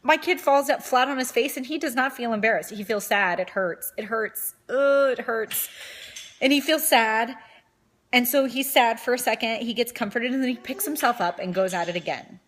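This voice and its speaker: A woman's voice: a little high, brisk, fairly bright tone, slight background noise. Young woman vlogger, casual and earnest, motivational chat, repeats herself for emphasis.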